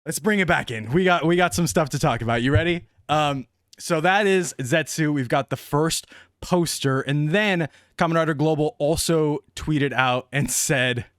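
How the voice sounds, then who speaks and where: A man reacting live to news on his stream, loud and hyped, shouting and laughing until he is out of breath. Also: on the high side, normal speed, smooth, no echo, clean studio sound.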